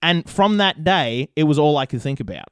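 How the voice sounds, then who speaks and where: A man's voice: a little high, big pitch swings, moderate pace, smooth, no echo. A young Australian man hosting a podcast, telling a rambling story with plenty of swearing in casual chat. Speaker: podcast host.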